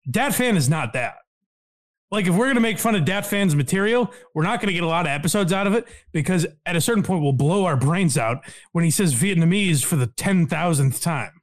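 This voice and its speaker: A man's voice: sits high, lively intonation, a little fast. A man hosting a casual podcast, talking in a wry, sarcastic way. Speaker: podcast host.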